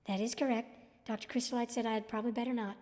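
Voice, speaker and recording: An actress playing an earnest young woman answering questions quickly, recorded with long reverb. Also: fairly high pitch, fairly even intonation, a little mellow, lightly acted.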